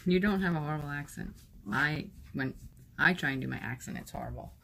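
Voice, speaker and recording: Low-voiced woman chatting on a phone stream. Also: brisk, gravelly, pushed and bright, slight background noise. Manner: chatty and rambling, chatting to viewers and her cats. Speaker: live streamer. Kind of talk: casual live-stream chat with viewers. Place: at home.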